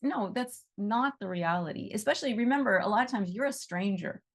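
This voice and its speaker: Speaking quickly in a mid-range voice, a middle-aged woman gives her students a lesson on animal reiki, full of effusive energy and frequent repetition of her phrases.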